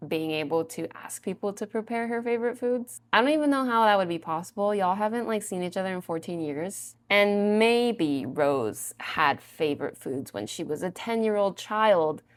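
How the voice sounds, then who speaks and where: A woman's voice: mid-range voice, expressive, moderate pace, hardly any pauses. A woman casually recapping a show against its book, chatty, full of "like" fillers and the odd swear.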